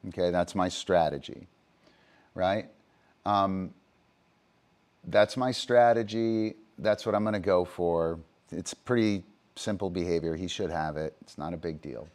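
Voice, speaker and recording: Deep-voiced man explaining dog training. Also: unhurried, darkish tone. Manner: explains training methods with frequent "right?" and "um". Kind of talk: livestream.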